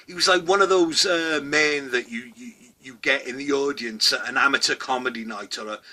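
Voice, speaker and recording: A middle-aged man hosting a comedy vlog, ranting loudly, swearing a lot and tagging his lines with "okay?". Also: medium pitch, normal speed. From Wales. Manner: loud, sweary, rambling, with constant "okay?" asides. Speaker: vlog host. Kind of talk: satirical comedy rant.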